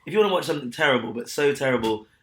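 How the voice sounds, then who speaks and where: A young man co-hosting a casual podcast chat, blunt and scathing and quick to laugh. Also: medium pitch, lively intonation, a bit bright. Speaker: podcast co-host. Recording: echoey room.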